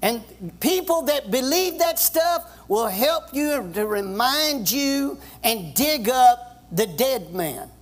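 A pastor preaching a sermon with emphasis, reading scripture and having the congregation repeat phrases after him. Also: male voice, very high-pitched, lively intonation, slow pace. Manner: reads scripture aloud and explains it.

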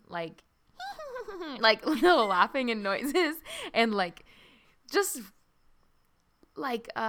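Woman, podcast co-host, bright clear voice, chatty, giggly. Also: mid-range voice. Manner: chatty, giggly, lots of fillers. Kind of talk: casual book discussion chat.

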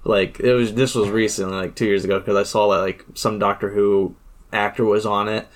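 A man's voice: fairly low pitch, flat delivery, fairly quick. A man co-hosting a casual podcast, chatty and self-deprecating, laughing often. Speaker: podcast co-host.

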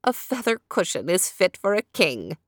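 A woman reading a storybook, giving a cheerful, thrifty old peasant woman plain, contented lines in her own lowish voice. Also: sing-song, moderate pace, no echo, clean studio sound.

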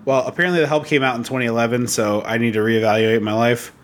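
A man co-hosting a podcast, chatting casually about a movie in an animated, joking way. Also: medium pitch, slight background noise. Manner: animated, jokey, quick asides. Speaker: podcast co-host.

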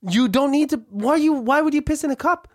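A woman's voice: high voice, brisk, no room sound, clean studio sound, natural voice. A woman playing a defensive, sarcastic lemonade stand owner in an improv comedy scene. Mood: exasperated.

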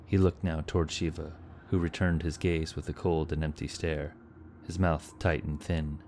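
A man giving steady, scripted narration of a fantasy adventure story. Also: rumbling low, normal speed, slight background noise.

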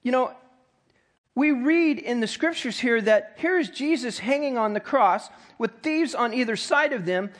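A man's voice: extremely high pitch, expressive, unhurried. A man preaching as pastor in a church, reading scripture aloud and dramatizing the mockers' taunts with rising intensity. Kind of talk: sermon.

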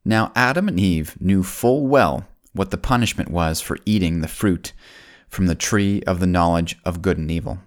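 Deep-voiced man telling kids a Bible story. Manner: folksy, speaks directly to the children as "kidzos"; slows down and drops low on solemn points.

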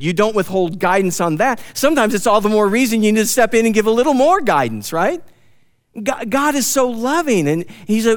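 A man pastor preaching a conversational sermon, reading scripture aloud and explaining it with emphatic asides. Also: high voice. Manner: conversational, emphatic, frequent "you know" and "man".

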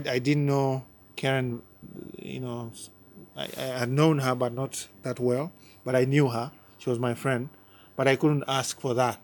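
A man from Uganda, a pastor giving his personal testimony in an interview, speaking earnestly and often repeating or restarting his words. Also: medium pitch.

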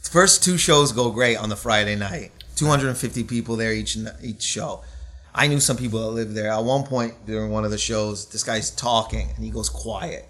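A man's voice: lowish voice, normal speed, a bit bright. A man, a stand-up comic telling profane anecdotes in a casual podcast chat, laughing often and acting out quotes.

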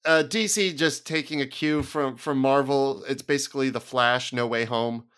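A man hosting a podcast in casual chat, easygoing and chuckling, often pausing on fillers. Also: medium pitch, steady tone, fairly bright tone, smooth. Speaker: podcast host.

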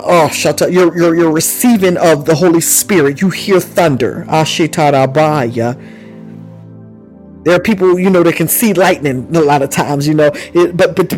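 A man's voice: high-pitched, darkish tone, rough recording. A man preaching a charismatic sermon, fervent and repetitive, with bursts of praise and speaking in tongues. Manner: exclaims praise often.

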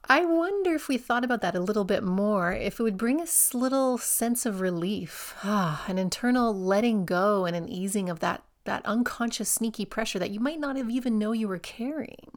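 A woman in her forties hosts a solo podcast for fellow yoga teachers. She speaks in a reflective, encouraging way and keeps turning questions back to the listener. Her voice sits at a middle pitch for a woman. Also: animated, moderate pace, hardly any pauses.

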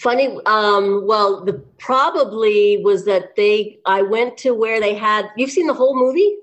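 A woman actor as a guest in a casual interview, talking in a chatty, lively way with many restarts and laughs. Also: mid-range voice, measured pace, muffled recording.

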